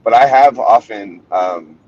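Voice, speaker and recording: A man's voice: lowish voice, unhurried, darkish tone. A man in a casual group discussion, easygoing and reflective, chuckling now and then. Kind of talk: casual group video chat. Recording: distant dull mic with faint hiss.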